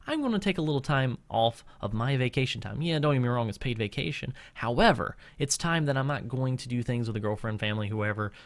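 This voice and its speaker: A man's voice: mid-range voice, no room sound. A young man giving casual streaming advice straight to camera, earnest and rambling, with lots of fillers and restarts. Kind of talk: casual talking-head advice.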